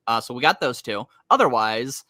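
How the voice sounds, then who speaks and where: A man's voice: medium pitch, lively intonation, normal speed, bright, forceful tone, no room sound. A man co-hosting a casual comics chat, rambling with lots of filler words and frequent laughs. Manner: rambling, heavy use of "like" fillers; laughs often. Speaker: comic podcast co-host.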